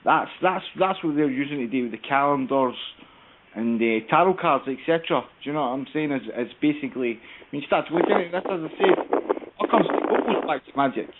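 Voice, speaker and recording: A male caller on a talk show, chatting loosely and quickly with asides and repeated phrases. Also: fairly high pitch, animated. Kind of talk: call-in talk show chat. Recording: tinny phone line with faint hiss.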